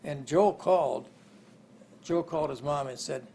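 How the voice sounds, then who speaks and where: A man's voice: on the high side, measured pace, creaky, warm tone, a little hiss or hum. An older man in an interview, telling rambling family stories and chuckling along the way. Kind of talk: oral history storytelling.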